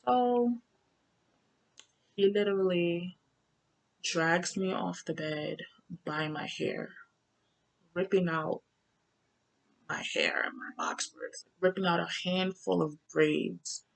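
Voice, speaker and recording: A woman's voice: on the low side, slow pace, gravelly, pauses often, rough recording. A young woman telling her own story in a loose, conversational way, repeating her phrases. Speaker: survivor sharing her story. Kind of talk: casual personal storytelling.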